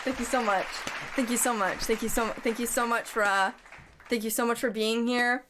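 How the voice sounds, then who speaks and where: Young woman streamer, fairly high voice, giggly, rambling, pokes fun at herself. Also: fairly even intonation, a little fast, a crowd in the background, background noise. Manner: giggly, rambling and self-mocking. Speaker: livestreamer. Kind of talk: casual livestream chat.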